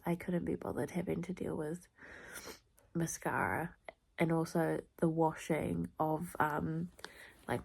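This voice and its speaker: Young woman, congested, husky, slow and hushed, casual rambling vlog chat. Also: low voice. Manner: rambling, hushed, many fillers. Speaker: vlogger. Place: indoors at a relative's home at night.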